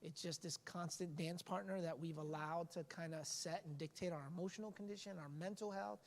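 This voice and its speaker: A man's voice: a little high, steady tone, brisk, creaky, in a large hall. A man who is a pastor talks in a casual podcast discussion. He is earnest and a bit preachy, and he often restarts his sentences.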